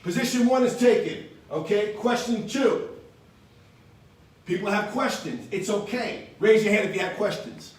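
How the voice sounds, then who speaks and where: A man leading an energetic sales training for a live audience in a meeting room, acting out phone calls to show how it is done. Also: high voice, normal speed. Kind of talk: motivational training talk. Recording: echoey room from far off.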